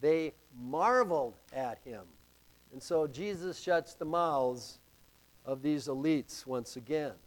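Male pastor, slow and emphatic sermon delivery, slightly high voice. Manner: slow, emphatic preaching with dramatic rises.

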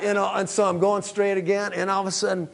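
A man delivers a sermon in the voice of a storyteller, with a somewhat higher pitch than most men. He acts out his own reactions with big swings in volume, then settles into earnest preaching. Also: flat delivery, fast, vocal fry, a faint crowd. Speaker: pastor.

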